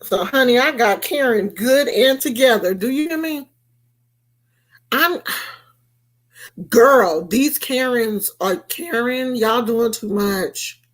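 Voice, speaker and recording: Woman, casual rant, sassy and emphatic, slow unhurried delivery, fairly high voice. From United States. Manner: sassy, emphatic, quotes people in raised voices. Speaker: vlogger. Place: California.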